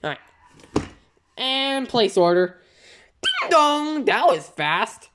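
A woman voicing a pushy, excitable male plush rabbit who whines and schemes through a plush toy video, full of fillers. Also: high voice, drawn-out words, background noise, voice pushed up, full character voice. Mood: scheming. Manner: whiny and scheming, rambles with fillers.

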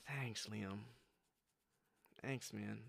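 Animated joking man with a southern drawl. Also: lowish voice, a little slow, no room sound. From United States. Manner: animated, joking, rambling asides. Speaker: streamer reacting to music. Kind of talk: casual reaction commentary.

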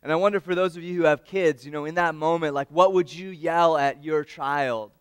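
Man telling a personal story at an awards podium, animated and dynamic, smooth and clear voice, fairly high for a man. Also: fairly quick, no room sound, clean studio sound. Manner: animated, swings from loud to hushed; addresses the audience directly. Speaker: former patient giving an awards speech. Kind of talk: storytelling speech.

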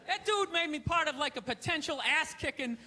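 A man doing a stand-up set in a theater, ranting loudly with sarcastic delivery. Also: very high-pitched, lively intonation, fairly quick. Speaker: stand-up comedian. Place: theater stage. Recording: live show with crowd laughter and noise. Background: audience laughter.

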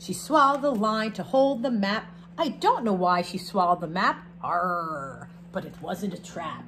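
A woman, a teacher reading a picture book aloud to her class, expressive, with chatty asides between the verses. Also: medium pitch, normal speed, slight background noise.

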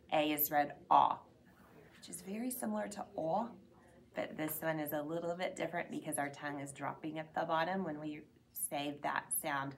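A woman reading teacher giving an upbeat school announcement segment, drawing out letter sounds to demonstrate them. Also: low-pitched.

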